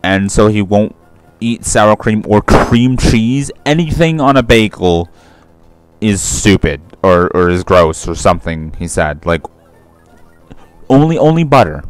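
A man's voice: lowish voice, measured pace, clean tone, no echo, soft background music. A young man doing casual let's-play commentary, rambling, swearing freely and correcting himself mid-sentence. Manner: rambling, profane, self-correcting.

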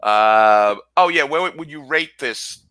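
A man co-hosting a casual podcast chat, teasing his friends and probing them with jokes. His voice is bright and sits a little high, with lively swings in pitch. The sound is close and dry. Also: a little slow, no room sound. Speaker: podcast co-host.

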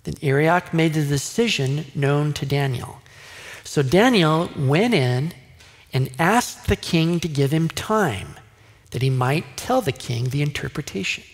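A man's voice: fairly high pitch, expressive, measured pace. A male pastor preaching a sermon in a conversational way, now and then acting out the voices of people in the story. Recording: long hall reverb.

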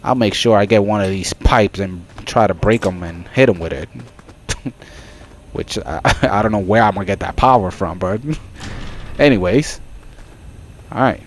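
A man giving casual let's-play commentary on a horror game, excitable and jokey, with frequent startled exclamations. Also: fairly low pitch, moderate pace, pauses often, slight background noise. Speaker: gaming channel host.

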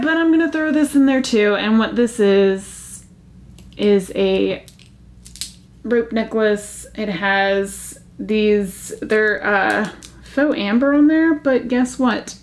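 A woman hosting a casual jewelry vlog, chatty and easily excited, gasping over pieces she finds. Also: mid-range voice, a little hiss or hum. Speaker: jewelry channel host.

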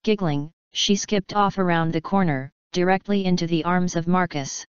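Woman, audiobook narration, measured, low voice, dry, dull sound. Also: clear, resonant tone, dry recording. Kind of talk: scripted narration.

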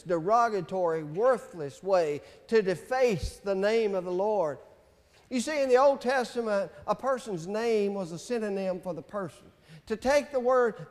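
High-voiced slow-preaching man. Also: a little mellow, long reverb tail. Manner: slow, emphatic preaching with scripture readings. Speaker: pastor. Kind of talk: sermon. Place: church sanctuary.

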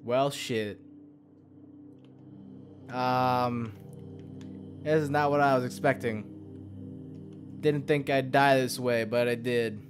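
Young guy doing a sweary let's play, mumbly and low-key, mid-pitched, faint game music behind. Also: steady tone, takes it slowly, pauses often. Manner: swears a lot, mutters to himself, sudden yelps of alarm. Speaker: gameplay commentator. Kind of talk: profane let's-play commentary.

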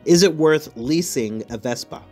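A man's voice: fairly high pitch, normal speed, darkish tone, soft background music. A man hosting a podcast, chatting casually with a profane, rambling, joking manner. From United States. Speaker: podcast host. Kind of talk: casual chat.

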